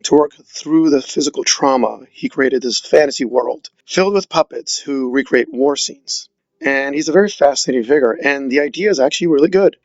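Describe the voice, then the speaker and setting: A man's voice: mid-range voice, fairly quick, dry recording, dull audio. A man giving a sarcastic, exasperated film review, mocking the movie as he goes. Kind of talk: opinionated film review monologue.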